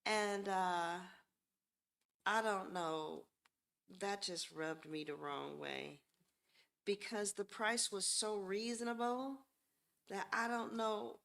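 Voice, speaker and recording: A woman's voice: medium pitch, slow, creaky, pauses often. Blunt, cussing woman tarot reader. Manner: blunt, profane and chatty; addresses viewers directly and warmly. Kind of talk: casual live tarot reading.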